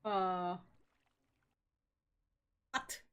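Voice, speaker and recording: A woman streamer giving casual gameplay commentary, reacting animatedly and reading on-screen text aloud haltingly. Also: fairly low pitch, level tone, fairly bright tone, smooth. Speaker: game streamer.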